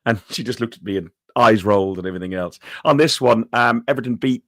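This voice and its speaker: A man's voice: mid-range voice, fast, a bit bright, no room sound, studio quality. A man co-hosting a casual football chat, easygoing, often laughing and correcting himself. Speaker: podcast co-host.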